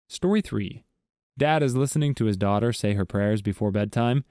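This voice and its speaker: A man narrating a series of jokes in an even, scripted storytelling read. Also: mid-range voice, normal speed, no echo, studio quality.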